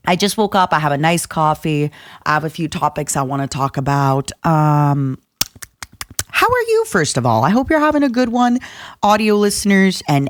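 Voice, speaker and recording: A woman's voice: low-pitched, no echo, clean studio sound. A young woman hosting a casual solo podcast, chatty and rambling, having just woken up. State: just woke up. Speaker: podcast host.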